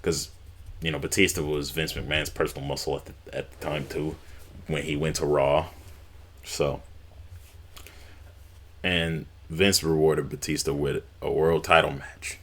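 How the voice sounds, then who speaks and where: Low-voiced man, casual rambling wrestling recap, fillers and swearing. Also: level tone, a little slow, pauses often, fairly bright tone. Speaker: wrestling YouTuber.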